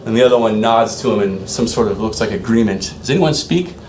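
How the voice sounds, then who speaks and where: A man's voice: lowish voice, lively intonation, a little fast, a little mellow, echoey room, a little hiss or hum. A man narrating as dungeon master in a loose, rambling way, with restarts and asides to the players. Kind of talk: narrating a tabletop game.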